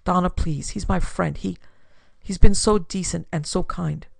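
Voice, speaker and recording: A woman's voice: lowish voice, level tone, a little fast, gravelly, darkish tone, breathy edge, no room sound, heavily acted. Woman reading a timid frightened young lady. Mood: timid, pleading. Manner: timid, pleading.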